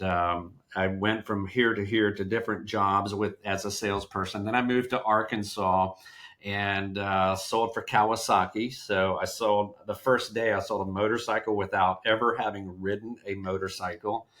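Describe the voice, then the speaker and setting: Speaking at normal speed in a fairly low voice, this middle-aged Georgia man is a sales trainer appearing as a podcast guest. He tells stories casually in a folksy, animated way, acting out what people said and restarting his phrases often.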